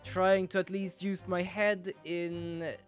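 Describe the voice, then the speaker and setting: Young male streamer, casual and self-deprecating, slightly high voice. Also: little pitch movement, slow, faint music behind. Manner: chatty, rambling, self-deprecating. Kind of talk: casual gameplay commentary.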